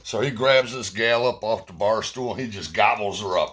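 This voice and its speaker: A man's voice: fairly low pitch, normal speed, a bit bright, breathy edge. A middle-aged man casually telling rambling, profane, self-mocking stories and jokes to his viewers. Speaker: vlogger. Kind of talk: casual storytelling.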